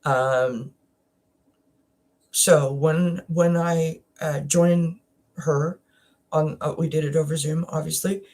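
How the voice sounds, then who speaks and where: Slow-talking emotional woman, halting. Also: sits low, fairly even intonation, darkish tone. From Canada. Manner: emotional, halting, many restarts. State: close to tears. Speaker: wellness channel host. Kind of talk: casual personal chat.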